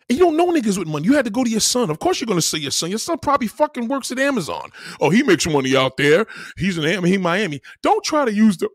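Husky, animated man ranting on stream. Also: sits high, no room sound, clean studio sound. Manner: loud, animated, profane, reacting to viewer comments. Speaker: livestream host. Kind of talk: heated livestream rant.

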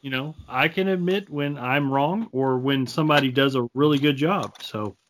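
A man's voice: mid-range voice, normal speed, a bit bright. A man in a casual podcast chat, laid-back and self-deprecating as he admits where he was wrong.

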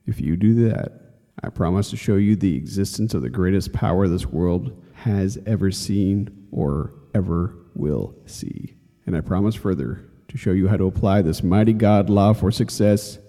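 A man's voice: low voice, lively intonation, normal speed, warm tone, long reverb tail. A man reading an inspirational course lesson aloud, earnest and exhorting, speaking straight to the listener. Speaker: course instructor.

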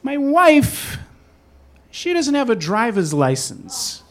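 A man voicing a smooth-talking, wheedling male body shop owner who calls on the phone to cut a shady deal, with chummy fillers. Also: extremely high pitch, wildly swooping pitch, takes it slowly, voice pushed up, heavily acted. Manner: chummy, persuasive, hesitant fillers.

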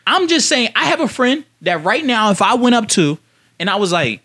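Animated young man arguing his point. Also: high voice, brisk. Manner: animated, insistent, keeps cutting in to make his point. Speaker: podcast co-host. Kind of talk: heated casual chat.

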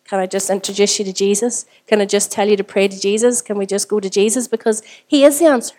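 A woman's voice: medium pitch, little pitch movement, fast, a little mellow. A woman pastor with a Northern Irish accent, preaching a sermon in a conversational way and putting rhetorical questions to the congregation. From Northern Ireland.

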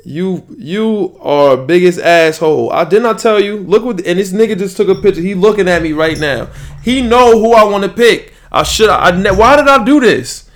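High-voiced young man ranting on a podcast. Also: moderate pace. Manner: frustrated, animated ranting. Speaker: podcast host. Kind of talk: live fantasy draft commentary. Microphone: podcast mic, moves away at times.

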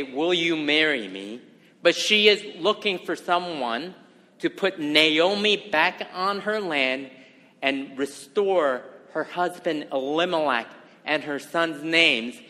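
A man delivers a sermon in a slightly high, bright voice. He is earnest and emphatic, often throwing rhetorical questions at his listeners. The sound carries a long reverb, as if in a large hall. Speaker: pastor.

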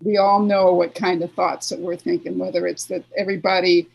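A woman's voice: fairly low pitch, flat delivery, fairly quick, darkish tone, low-quality recording. A woman therapist giving advice in an interview, talking earnestly and acting out the inner voices she describes. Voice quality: gravelly, husky. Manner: earnest, repeats phrases, acts out inner voices. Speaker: therapist guest.

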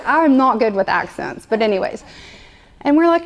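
Preaching before a live congregation, a woman speaks fairly quickly in a creaky, medium-pitched voice. She keeps things chatty and playful, tossing in asides and circling back to repeat her points again and again.

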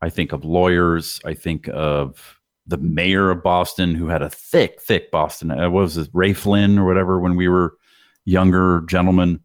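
Low-voiced New England man, rambling. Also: level tone, moderate pace, no echo, clean studio sound. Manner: rambling, restarts often. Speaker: podcast host. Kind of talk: casual podcast chat.

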